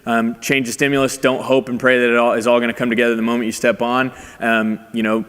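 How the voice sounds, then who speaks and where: A man's voice: mid-range voice, flat delivery, fast, fairly bright tone, smooth, long reverb tail. A man co-hosting, adding casual coaching advice with fillers. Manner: brief agreeing interjections. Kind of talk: casual chat.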